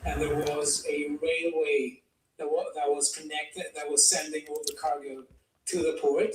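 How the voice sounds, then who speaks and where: Flat-toned man, roomy distant audio. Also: fairly high pitch, a little hiss or hum. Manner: hesitant, halting questions. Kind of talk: remote stream discussion.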